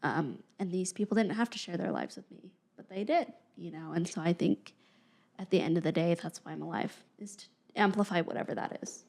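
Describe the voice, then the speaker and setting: A woman's voice: lowish voice, brisk, gravelly, a little mellow. A young adult woman speaking earnestly and reflectively as an interview guest, often dropping to a near-whisper. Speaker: podcast guest, mental health professional. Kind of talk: conversational interview.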